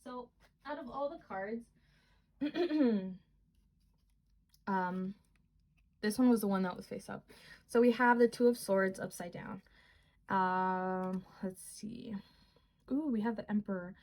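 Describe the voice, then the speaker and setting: A woman's voice: medium pitch, takes it slowly, pauses often, darkish tone. A young woman giving a casual tarot reading, earnest and rambling with many fillers. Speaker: tarot reader.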